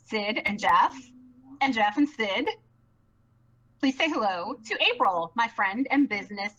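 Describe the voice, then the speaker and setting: A woman chatting excitedly on a live stream, bubbly and rambling, with many fillers and restarts. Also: mid-range voice, a little slow, long pauses, lo-fi sound. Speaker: live stream co-producer and host.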